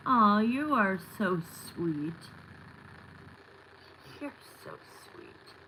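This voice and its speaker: A woman's voice: mid-range voice, fairly bright tone, slight background noise, rough recording. A woman hosting a tarot livestream, chatting casually and rambling with lots of fillers, recorded on a phone. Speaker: tarot reader livestream host.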